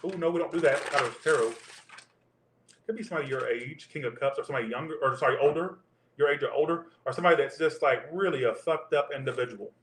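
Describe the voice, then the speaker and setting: A man's voice: mid-range voice, quick pace, a bit bright, slight background noise. A man doing a live tarot reading, talking in crude, profane, joking banter. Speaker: tarot reader. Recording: roomy echo.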